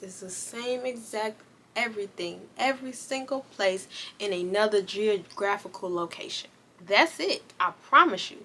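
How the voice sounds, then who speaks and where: A woman's voice: mid-range voice, pushed and bright, a little hiss or hum. A young woman reviewing a movie in casual, slangy chat, talking straight to her viewers. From United States.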